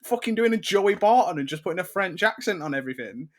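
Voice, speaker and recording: A young man co-hosts a casual football podcast, talking fast in a high-pitched voice over a little hiss or hum. He's animated, and when something riles him he launches into loud rants full of swearing.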